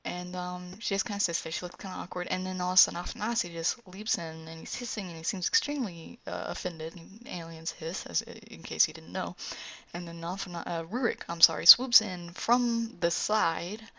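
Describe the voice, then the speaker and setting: A woman casually pitching her own animated show, rambling with fillers and self-corrections, on a lo-fi recording. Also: moderate pace, creaky, dry recording. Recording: dull lo-fi home recording.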